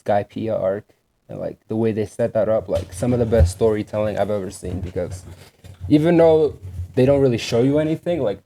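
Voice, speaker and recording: A man's voice: fairly low pitch, brisk, gravelly, a little hiss or hum. A young man co-hosting a podcast, chatting casually and animatedly, filling his talk with "like". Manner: animated, rambling, heavy use of "like". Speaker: podcast co-host. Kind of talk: casual chat.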